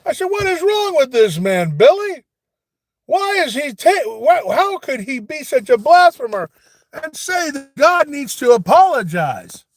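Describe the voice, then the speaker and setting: A man's voice: high-pitched, animated, a little slow, no echo. A man voicing a preachy, forgetful old grandfather who rants, stammers and drifts into rambling asides in a satirical comedy monologue. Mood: ranting.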